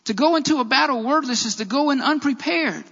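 A man with a strikingly high voice preaches a sermon, driving his points home by repeating key phrases. His words ring out with a long reverb, as if filling a church. The sound is dull and lo-fi. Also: brisk, gravelly, bright, forceful tone.

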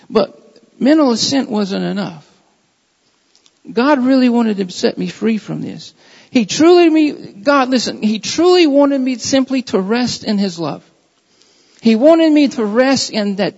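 A man delivers an earnest sermon, circling back to repeat his key lines. His voice sits very high with a gravelly edge. The recording is dull and lo-fi, with a long reverb trailing through a church hall. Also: lively intonation, moderate pace, darkish tone. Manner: earnest, repeats phrases for emphasis. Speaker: preacher.

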